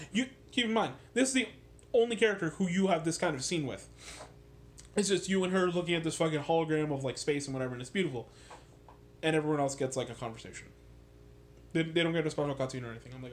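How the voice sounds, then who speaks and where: A man ranting about a video game in a casual, sarcastic way, swearing a lot and getting animated. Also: on the high side, brisk, long pauses. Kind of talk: casual profane rant.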